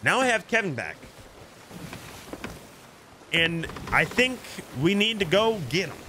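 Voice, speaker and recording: A male streamer giving live gameplay commentary, excitable and full of indignant outbursts as he talks to his chat. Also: high voice, slow pace, noisy background.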